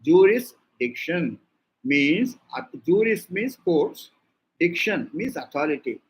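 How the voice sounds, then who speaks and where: A man's voice: a little high, sing-song, a little slow, slight background noise, low-quality recording. A man with an Indian English accent giving a law lecture, explaining points step by step and repeating them for his listeners. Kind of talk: classroom lecture.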